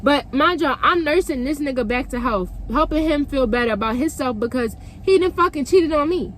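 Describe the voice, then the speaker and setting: A woman's voice: high-pitched, lively intonation, moderate pace, a little hiss or hum. A young woman telling a personal story to her viewers, profane and emphatic, talking straight to the camera audience. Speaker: vlogger. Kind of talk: storytime vlog.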